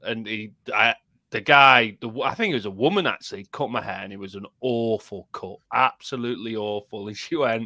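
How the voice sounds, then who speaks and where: A man co-hosting a casual podcast, an animated storyteller who swears freely. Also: fairly low pitch, dry recording, clean studio sound. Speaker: podcast co-host. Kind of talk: casual chat.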